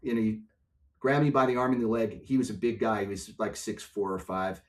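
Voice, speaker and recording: Older man telling a lively story. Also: lowish voice, moderate pace. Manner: animated storyteller, acts out voices in anecdotes. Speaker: guest, music and software executive. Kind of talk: storytelling in a podcast interview.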